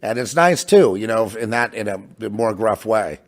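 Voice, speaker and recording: Low-voiced man rambling casually. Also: lively intonation. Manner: halting, many restarts and trailing asides. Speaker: podcast host. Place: home in New Mexico.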